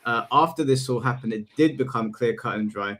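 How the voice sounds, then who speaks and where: A man hosting a casual podcast chat, speaking in a measured way as he weighs his opinions. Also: medium pitch, a bit bright.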